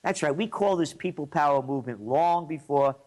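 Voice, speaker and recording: A man's voice: a little high, brisk, darkish tone. Combative, sarcastic New man. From New York. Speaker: commentator and host. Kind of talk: ranting political monologue.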